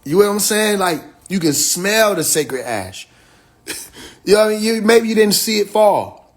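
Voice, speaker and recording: A man's voice: high-pitched, very animated, normal speed. A man talking casually to his followers on a livestream, telling stories with slang, acting out quotes, laughing often and speaking straight to his listeners. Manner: slangy storytelling with acted quotes.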